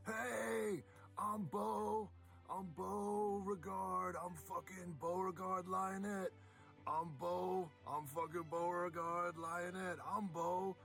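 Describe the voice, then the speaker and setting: A man's voice: sits high, flat delivery, takes it slowly, vocal fry, fairly bright tone, soft background music, exaggerated voice. A man voicing a cocky, foul-mouthed young woman in an improvised retelling, boasting and repeating herself.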